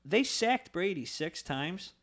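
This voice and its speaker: A man's voice: sits high, takes it slowly. A man co-hosting a podcast in casual chat, telling stories and acting out quotes in goofy voices. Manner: animated storytelling, acts out quotes in funny voices. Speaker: podcast co-host.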